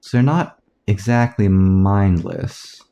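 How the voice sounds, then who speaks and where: A man casually commentating his own gameplay, rambling aloud through tangents with soft self-mocking asides. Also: fairly low pitch, slow pace. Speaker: let's play gamer.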